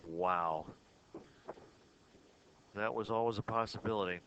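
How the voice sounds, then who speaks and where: A man giving measured, analytical play-by-play commentary on a pool match. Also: lowish voice, dull audio, noisy background. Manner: measured, analytical, chuckles often.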